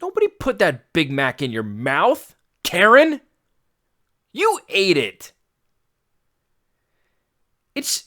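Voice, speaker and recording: A man's voice: high voice, fairly bright tone. A man hosting a fitness podcast, giving a blunt, exasperated rant that includes some swearing. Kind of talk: ranting podcast monologue.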